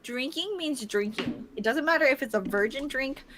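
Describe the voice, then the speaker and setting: A woman's voice: sits high, expressive, moderate pace, background noise. A young woman co-hosting a casual livestream podcast, chatting, laughing often and reading viewer comments aloud. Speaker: podcast co-host.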